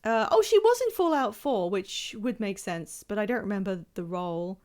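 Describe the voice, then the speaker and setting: A woman's voice: mid-range voice, lively intonation, normal speed, darkish tone. A woman streaming a video game, chatting casually in a rambling, self-deprecating way that trails off mid-thought. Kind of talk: casual live gameplay commentary.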